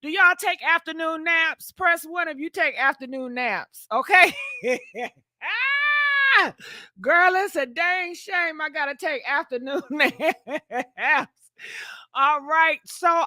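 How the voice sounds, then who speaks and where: A woman's voice: high-pitched, measured pace, bright, forceful tone, no echo. A woman hosting a gossip live stream, talking in a sassy, chatty way straight to her viewers and laughing often. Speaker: gossip show host.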